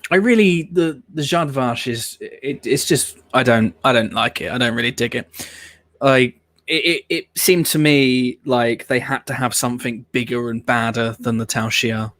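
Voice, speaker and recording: Male host, mid pitch, loose rambling reaction chat with some swearing; dead dry close-mic sound. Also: moderate pace, fairly bright tone, no room sound. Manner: rambling, opinionated, swears casually. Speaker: host of a watch-along show. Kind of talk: casual reaction commentary.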